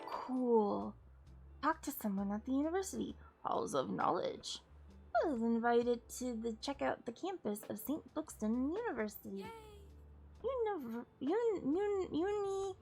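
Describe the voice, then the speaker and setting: A woman's voice: on the high side, vocal fry, a bit bright. A woman streaming a game, chatting casually to her viewers in a giggly way and stopping often to correct herself. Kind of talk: casual live-stream chat while playing a game. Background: faint game music.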